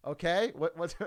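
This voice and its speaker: A man telling a story casually, swearing freely and breaking into laughter often. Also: fairly high pitch.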